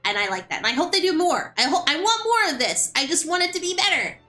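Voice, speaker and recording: While playing a game with music in the background, a woman streamer chats casually and animatedly, often repeating words as she starts a thought. Her very high voice is sing-song, bright and forceful, and she speaks at a quick pace.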